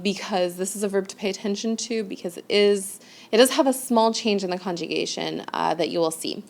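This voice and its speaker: A woman teaching a recorded grammar lesson, talking at an unhurried pace in a mid-range voice. She explains each point step by step and keeps checking in with her students. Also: mid-range voice, creaky. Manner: patient, explains step by step with frequent "okay?" checks. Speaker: French teacher.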